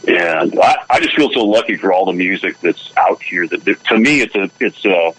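A man's voice: deep voice, animated, normal speed, fairly bright tone, husky, rough recording. A middle-aged man, a guest musician, chatting easily on a radio show and telling stories with frequent laughs. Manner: easygoing storyteller, laughs often. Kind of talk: casual radio chat.

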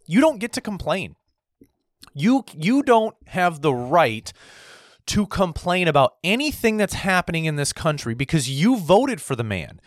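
Brief: a combative male commentator ranting bluntly, fairly high-pitched, dry sound. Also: dry recording. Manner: combative, blunt, repetitive, swearing. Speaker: political commentator. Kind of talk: ranting opinion monologue.

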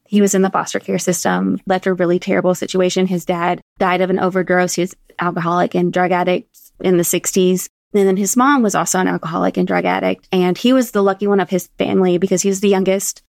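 A woman in her thirties, a podcast guest telling stories in a casual, animated way and acting out the dialogue she quotes. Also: fairly low pitch, gravelly, dry recording, clean studio sound. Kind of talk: casual storytelling interview.

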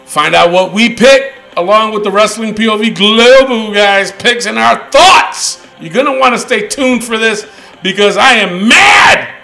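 Guy hosting a podcast, bright tense voice, swears and rants loud. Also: sits high, animated, unhurried, creaky, soft background music, low-quality recording. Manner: loud, profane, ranting. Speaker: podcast host. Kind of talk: casual wrestling podcast chat.

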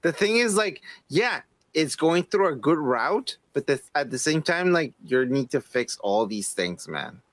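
A man's voice: on the high side, very animated, a little slow, few pauses, dry recording. A man co-hosting a podcast in casual chat, laid-back and agreeable. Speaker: podcast co-host.

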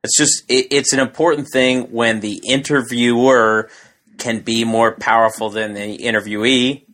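A man's voice: medium pitch, steady tone, normal speed, fairly bright tone. A man co-hosting a podcast in casual chat, blunt and opinionated, often starting sentences hesitantly. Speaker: podcast co-host.

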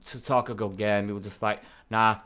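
A man's voice: on the low side, steady tone, fast talker, fairly bright tone. Blunt swearing man. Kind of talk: casual chat.

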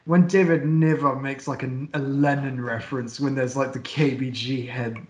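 A man's voice: mid-range voice, steady tone, normal speed, echoey room, highs cut off. A man co-hosting a film review podcast, hesitant and full of ums as he reads funny lines from his notes. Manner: hesitant, many ums, laughs at own notes. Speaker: podcast co-host. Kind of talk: casual film review chat.

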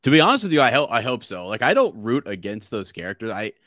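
A man's voice: medium pitch, big pitch swings, fast talker, a bit bright, no echo, clean studio sound. A man co-hosting a podcast in casual chat, often restarting his sentences. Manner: hesitant, frequent restarts. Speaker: podcast co-host.

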